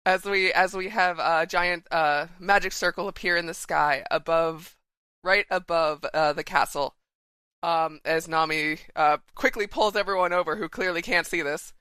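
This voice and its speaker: A woman recaps a comic chapter with a bright, forceful tone and a smooth, crisp voice. She keeps it quick and giggly, full of playful asides, recorded dry. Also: on the low side, steady tone, dry recording. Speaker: podcast contributor. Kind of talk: casual podcast chat.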